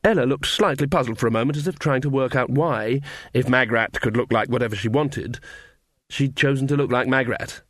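A man narrating an audiobook in an even, wry storytelling manner. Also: medium pitch, a little fast, no echo, studio quality.

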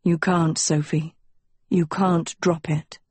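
Woman reading as a cocky young prince in an audiobook, deep-ish and slow, breathy, real sure of himself. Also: little pitch movement, a little mellow, dry recording, heavily acted. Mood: earnest. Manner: assured, commanding. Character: young prince, confident and protective.

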